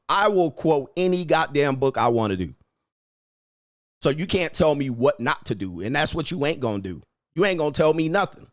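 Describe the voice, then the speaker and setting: A male livestream host giving brash, profane, combative commentary and laughing often. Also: a little high. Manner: frequent laughter.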